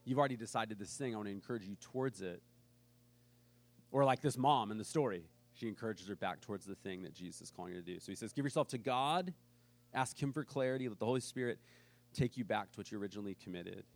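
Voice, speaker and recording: A man's voice: fairly low pitch, fast talker. A man preaching a sermon as pastor, telling a story in a casual way and acting out the people he quotes.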